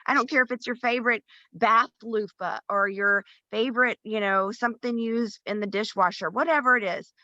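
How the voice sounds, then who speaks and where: Bright, chatty woman co-host, encouraging and self-deprecating, dry lo-fi call audio. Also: on the high side, steady tone, normal speed, no echo. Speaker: round-table co-host. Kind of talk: casual chat.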